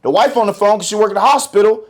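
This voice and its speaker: A man in his thirties holding forth on a podcast, emphatic and profane, lecturing in long rants. His voice sits a little higher than most men's. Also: racing. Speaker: podcast host. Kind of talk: casual podcast chat.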